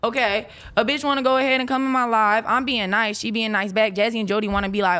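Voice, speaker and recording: A woman in her twenties, a former reality show cast member, venting in a brash, profane, rapid-fire rant during a casual chat. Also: mid-range voice, fairly even intonation, a bit bright. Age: 20s.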